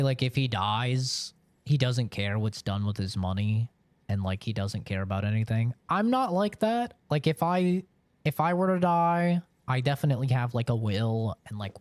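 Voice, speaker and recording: A man's voice: medium pitch, a little mellow, dry recording. A man live-streaming and chatting casually with viewers, rambling along with lots of filler words.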